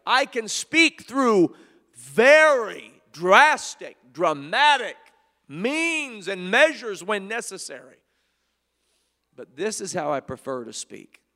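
A preacher voicing God as a calm, authoritative male deity in a sermon retelling. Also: high-pitched, takes it slowly, exaggerated voice. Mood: declaring. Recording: long hall reverb.

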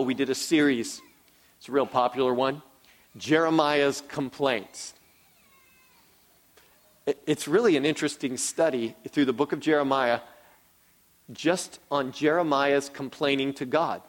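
Pastor, middle-aged man, earnest sermon delivery, slightly higher voice, unhurried, repeats key lines for weight.

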